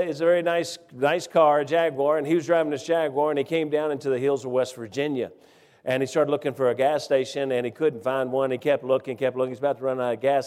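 Folksy preacher in a reverberant hall. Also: male voice, medium pitch. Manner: folksy, halting, grows loud and excited in the story. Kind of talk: sermon with a humorous story.

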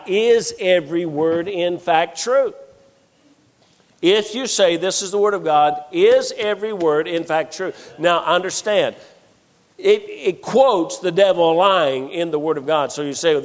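Middle-aged male preacher, animated storyteller, slightly high voice, long reverb of a big hall. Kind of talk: sermon with humorous stories.

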